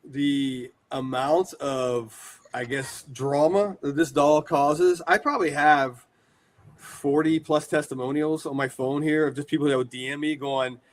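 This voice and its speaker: A man in his forties from the United States, telling rambling, animated stories as a guest in a casual interview. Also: on the high side, measured pace. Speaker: guest, horror shop owner.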